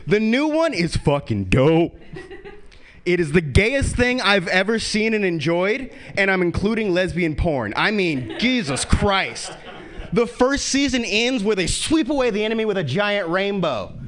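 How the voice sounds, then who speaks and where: A man doing a stand-up comedy set, profane and animated, jumping into quick character bits. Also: high-pitched.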